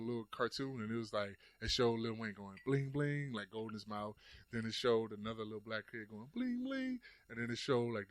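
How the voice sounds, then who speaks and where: A man's voice: mid-range voice, a bit bright, no echo. Casual, profane man in his thirties. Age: 30s. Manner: loose, profane storytelling with many "like" fillers. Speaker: podcast host. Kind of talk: casual podcast chat.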